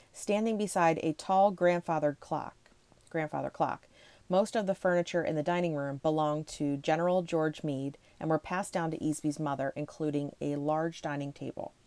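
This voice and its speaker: A woman casually reading ghost stories aloud to her viewers, rushing, tripping over words and breaking off for chatty asides. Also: deep voice, darkish tone, no room sound. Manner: chatty, reads fast, stumbles and laughs at herself. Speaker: ghost-story video host.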